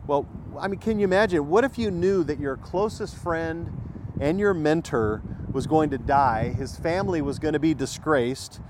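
Emphatic preaching man, higher voice. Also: darkish tone, slight background noise. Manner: emphatic, repeats key phrases and asks rhetorical questions. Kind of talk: sermon.

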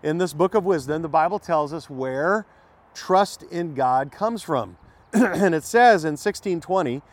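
A man's voice: on the high side, animated, measured pace. A man preaching a sermon in an emphatic way, repeating key phrases and asking rhetorical questions.

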